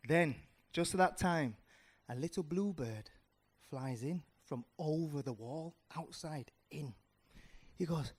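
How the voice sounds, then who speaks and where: 30s guy, kinda high voice, telling a kids story casual, slangy, lots of uhs. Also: a little slow. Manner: animated, restarts and fillers, street slang. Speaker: audience member.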